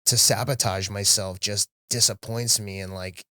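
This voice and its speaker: A middle-aged man with a fairly low voice talks candidly, in a casual podcast conversation. His delivery is animated, as he often quotes himself. The sound is dry and close, in a quiet studio. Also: measured pace, clean tone, no echo. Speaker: podcast guest, marathon runner.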